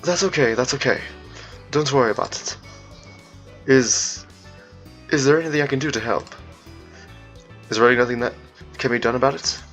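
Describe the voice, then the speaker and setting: A man voicing a big, friendly furry man with an attempted British accent, calm and kindly reassuring. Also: medium pitch, moderate pace, long pauses, faint music behind, close to an everyday voice.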